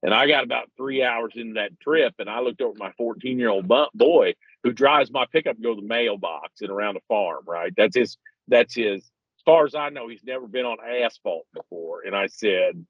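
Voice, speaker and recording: A man's voice: medium pitch, animated, a little fast, slightly rough, no room sound. Rambling folksy man on a muffled call. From Missouri, USA. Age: 50s. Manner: rambling, self-deprecating, folksy. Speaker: regular podcast guest. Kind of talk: rambling casual storytelling. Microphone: phone call.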